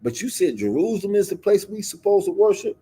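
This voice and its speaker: A man voicing a sassy Biblical woman who has been caught out, talking in husky, slangy exclamations. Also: high voice, very animated, fast, mellow, voice pushed up, exaggerated voice. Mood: indignant.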